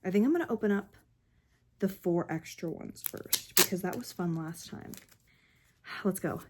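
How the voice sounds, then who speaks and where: A young woman who vlogs about books and K-pop unboxes albums in a casual video, gushing and gasping as she swings between squeals and whispers. Her voice is fairly low and unhurried, with background noise in the recording.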